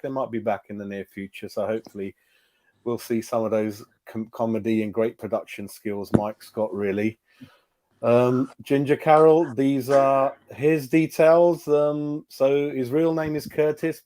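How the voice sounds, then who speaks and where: A man's voice: fairly high pitch, mellow. A man hosting a casual fan talk show, chatty, often repeating words and using fillers. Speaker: host. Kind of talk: casual chat.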